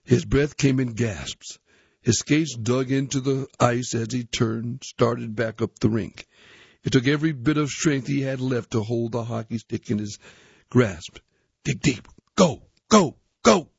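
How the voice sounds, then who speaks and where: A man reading a youth magazine aloud, articles and a story, in a plain, steady manner. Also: mid-range voice, unhurried, gravelly, husky, no room sound. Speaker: reader. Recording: dull, dry recording.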